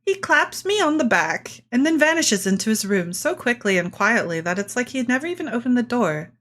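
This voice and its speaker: A woman reading the narration of a quiet, wry teenage boy in a game. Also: a little high, big pitch swings, fairly quick. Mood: reflective.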